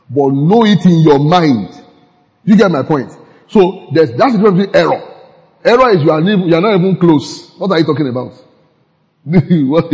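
Pastor preaching in an echoing hall. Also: male voice, on the high side, darkish tone. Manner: laughs often, asks the audience if they follow. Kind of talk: conversational sermon. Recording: muffled sound with long hall reverb.

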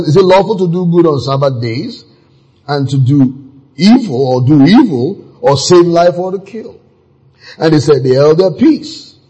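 Man preaching, husky voice, high and lively pitch, slow delivery, animated. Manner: animated, acting out scenes with sudden exclamations. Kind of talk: sermon.

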